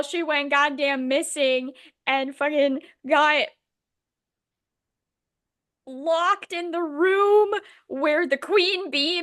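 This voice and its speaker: With a high, slightly bright voice, a young woman co-hosting a podcast casually rambles through a retelling of a book. She curses freely and sounds exasperated throughout the chat.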